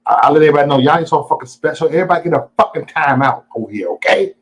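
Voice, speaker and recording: A man's voice: on the high side, lively intonation, very fast, rough recording. A man hosting a casual live stream, greeting viewers and ranting at them in a profane, taunting, boastful way. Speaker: livestream host.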